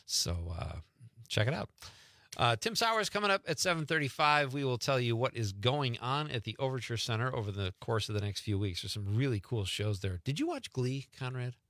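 A man's voice: mid-range voice, lively intonation, normal speed, a bit bright, no room sound. A middle-aged man hosting a radio show in easygoing, rambling casual talk. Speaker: radio host.

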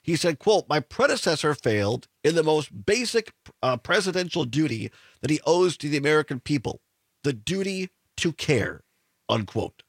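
A man's voice: on the high side, very animated, normal speed, breathy edge, no echo. A man hosting a political talk radio show, sarcastic, with chuckling asides and frequent restarts.

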